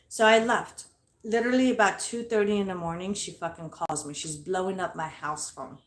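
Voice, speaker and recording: A woman's voice: medium pitch, fairly even intonation, normal speed, roomy sound. A woman telling a ghost story from her bedroom at home in a casual, blunt way, swearing constantly. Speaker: paranormal investigator vlogger.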